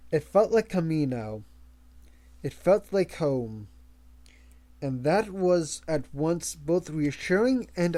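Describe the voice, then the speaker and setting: A man reading a novel aloud as an amateur audiobook narrator, measured, with small slips and restarts. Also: a little high, mellow. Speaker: audiobook reader.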